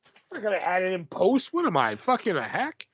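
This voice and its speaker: A man hosting a casual podcast who talks in a lively, swearing, joking way. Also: sits high, brisk, husky, dry recording, dull audio. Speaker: podcast host. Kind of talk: casual chat.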